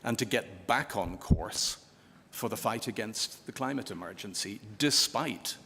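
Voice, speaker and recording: A man giving formal closing remarks at a conference, telling a joke in a dry, measured way with pauses. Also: fairly low pitch, animated, bright, forceful tone, a little hiss or hum. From Ireland. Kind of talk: formal closing speech with humor. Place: conference hall. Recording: long hall reverb.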